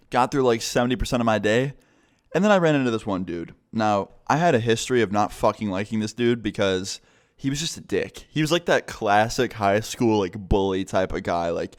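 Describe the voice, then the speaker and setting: A young man telling a story in a casual, rambling way, swearing a lot. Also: on the low side. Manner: profane, rambling, full of fillers. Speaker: vlogger.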